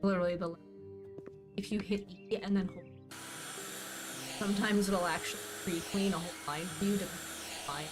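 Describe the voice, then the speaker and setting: A woman's voice: fairly low pitch, steady tone, moderate pace, long pauses, over music. A woman casually chatting while streaming a game, rambling and answering her chat as she plays.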